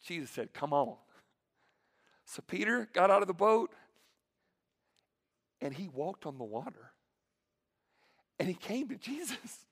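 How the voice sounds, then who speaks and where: A male preacher giving a sermon to students in a large hall, animated and joking as he acts out the scripture. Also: high voice, measured pace, gravelly, pauses often.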